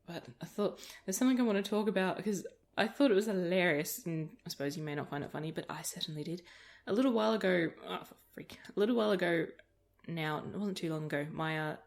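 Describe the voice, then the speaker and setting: A rambling, laugh-prone woman talks over her gameplay in a relaxed, chatty way. Her voice sits a little low for a woman, and she drifts easily from the game into long anecdotes, close to a desk mic. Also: fast talker, hardly any pauses. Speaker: gaming video creator. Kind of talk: casual let's-play chat.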